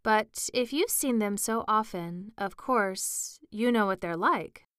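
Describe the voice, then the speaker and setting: Woman doing mournful old male Mock Turtle, storybook, touchy, slow, smooth, dry. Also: mid-range voice, a bit bright, no room sound. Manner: mournful, easily offended. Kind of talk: storybook reading.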